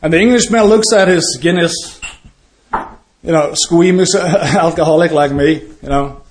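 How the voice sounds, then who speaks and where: A man's voice: a little high, unhurried. A man hosting a meeting and telling a joke, often chuckling as he goes. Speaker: meeting host.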